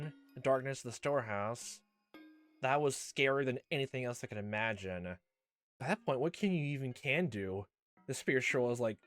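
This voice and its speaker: Young guy narrating a game, chatty and all over the place with his voice, soft game music. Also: medium pitch. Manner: rambling, lots of fillers and exclamations. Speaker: let's play host. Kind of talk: casual game commentary and reading.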